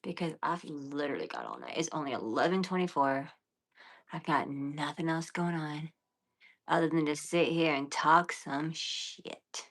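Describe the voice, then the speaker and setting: A woman in her thirties with a low voice, talking casually to her viewers on a late-night livestream. She is blunt and defiant and swears freely, and she often slips into whispers and quiet mutters between louder remarks. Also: very animated, unhurried. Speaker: livestream host.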